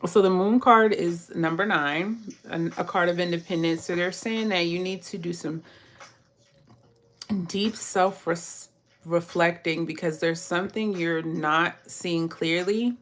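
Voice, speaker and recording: A woman's voice: fairly low pitch, unhurried, a bit bright. A woman giving a casual tarot reading who talks straight to her viewers, chats freely and laughs often. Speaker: tarot reader.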